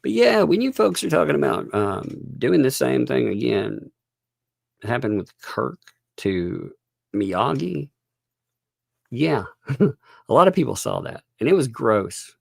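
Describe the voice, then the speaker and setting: A man's voice: medium pitch, big pitch swings, slow, vocal fry, pauses often, dry recording, clean studio sound. A man giving live-stream commentary, ranting and laughing as he mocks other streamers. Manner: laughing, mocking, exasperated rants.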